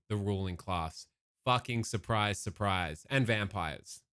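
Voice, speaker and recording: A man's voice: fairly low pitch, moderate pace, a bit bright. A man with an Australian accent casually commenting on a game, reading its text aloud and breaking off for jokey, profane asides.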